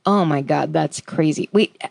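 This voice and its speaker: A young woman from California co-hosting a podcast, chatting casually with wry, deadpan asides. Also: sits low, measured pace, vocal fry, no room sound, studio quality. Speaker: podcast co-host. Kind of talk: casual chat.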